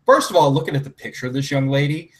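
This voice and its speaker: A man's voice: mid-range voice, animated, fast. A man speaking as a podcast guest in casual chat, blunt and crude in his jokes.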